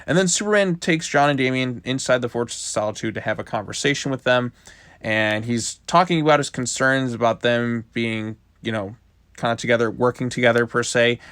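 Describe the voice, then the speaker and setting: A man talks through a comic book review in a loose, casual way, stringing the story together with frequent "like" fillers. His voice sits at an ordinary middle pitch. The recording is close and dry with no room sound. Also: fairly bright tone, smooth, no room sound. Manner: loose retelling with many "like" fillers.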